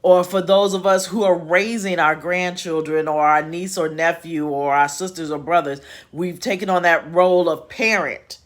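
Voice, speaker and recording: A woman's voice: fairly low pitch, steady tone, normal speed, hardly any pauses. A woman hosting a casual spiritual chat from home, folksy and chatty with laughing asides. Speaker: host. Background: home repair noise.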